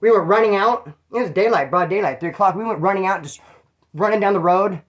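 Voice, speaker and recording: A man's voice: high voice, fairly quick, dull audio. A man from Bakersfield, California, telling prison stories in a slangy, profane, rambling way with frequent asides. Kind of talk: casual storytelling monologue.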